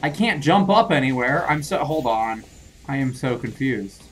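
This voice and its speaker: A man's voice: mid-range voice, expressive, normal speed. A young man playing a video game and commenting as he goes, rambling and flustered, laughing off his own mistakes and scolding enemies in a jokey way. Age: young adult. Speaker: gamer playing through a shooter. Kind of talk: let's play commentary.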